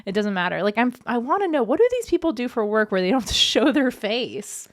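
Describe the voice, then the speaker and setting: A woman's voice: a little high, very animated, brisk. Chatty, foul-mouthed young woman podcaster. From Seattle area. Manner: chatty, swears freely, laughs a lot. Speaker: podcast co-host. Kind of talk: casual chat.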